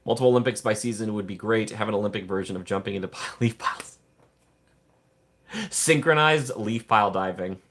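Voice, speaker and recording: Guy rambling and joking on a livestream, kinda low voice, reads out chat. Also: steady tone, racing. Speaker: livestream host. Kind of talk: casual livestream chat with viewers.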